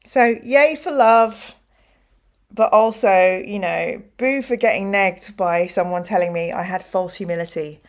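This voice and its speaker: A woman's voice: on the low side, steady tone, normal speed, hardly any pauses. A middle-aged woman hosts a show, chatting casually and telling stories in which she acts out other people's voices. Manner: chatty storyteller who acts out quoted voices. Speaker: host. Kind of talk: casual chat.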